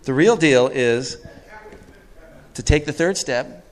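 A man's voice: medium pitch, slow. A middle-aged man giving a twelve-step recovery talk to a group, conversational and emphatic, often putting questions to his listeners.

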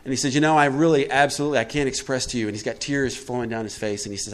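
A man's voice: medium pitch, steady tone, very fast, hardly any pauses. A middle-aged man giving a twelve-step recovery talk to a group, conversational and emphatic, often putting questions to his listeners.

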